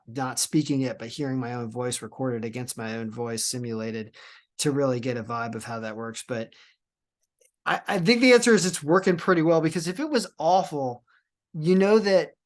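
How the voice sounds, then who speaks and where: A man hosting a podcast, chatting casually in a rambling way with many restarts and trailing phrases. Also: fairly high pitch. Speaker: podcast host.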